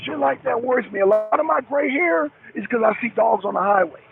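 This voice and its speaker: Over a tinny phone line with a faint hiss, a middle-aged truck driver calls into a talk show. His very high, creaky voice is expressive and a little fast, and he rambles, repeats himself, and curses heavily.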